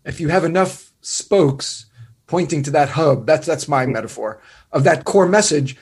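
A man's voice: fairly high pitch, normal speed, a little mellow, slightly rough. A man talking animatedly in a podcast conversation, scoffing and restarting his sentences.

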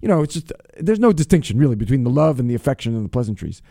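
A man hosting a radio show, talking casually and exuberantly, reading out listener shout-outs with playful alliteration. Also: mid-range voice, very animated, racing, gravelly, dry recording, studio quality.

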